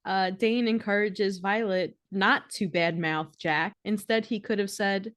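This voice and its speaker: Woman, podcast co-host, giggly, easygoing, slow talker, mid pitch. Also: steady tone, fairly bright tone, no echo, studio quality. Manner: giggly, reads segments in an easygoing way. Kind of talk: casual chat.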